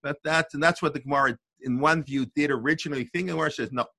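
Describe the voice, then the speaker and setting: A man's voice: a little high, steady tone, racing, creaky, sharp tone, no room sound. An older man giving an informal Torah lesson as a rabbi, thinking aloud in a discursive way with restarts and asides.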